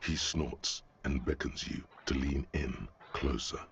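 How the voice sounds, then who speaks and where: A man giving gravelly scripted narration as a game's narrator voice. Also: a bass voice, fairly even intonation, takes it slowly, fairly bright tone, full character voice. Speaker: game narrator voice.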